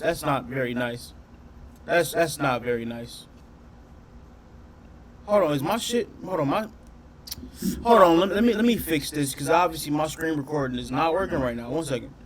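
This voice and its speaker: A man doing casual reaction commentary on his channel, talking in an animated, profane way and often questioning his audience. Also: on the high side. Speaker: reaction streamer.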